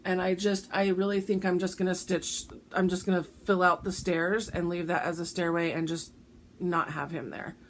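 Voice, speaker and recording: A woman chatting casually about her stitching projects, rambling with lots of ums, her voice going a bit hoarse. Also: on the low side, little pitch movement, moderate pace, a little hiss or hum. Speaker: cross-stitch vlogger. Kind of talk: casual show-and-tell chat.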